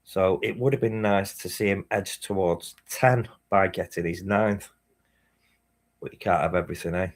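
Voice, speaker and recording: A man talks loosely through a live football stream, reading out viewer messages between reactions. His voice sits on the low side, and the delivery is casual and unpolished, with the odd swear. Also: steady tone, normal speed. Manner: casual, swears, reads chat messages aloud. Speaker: fan channel host. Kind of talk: live match watchalong chat.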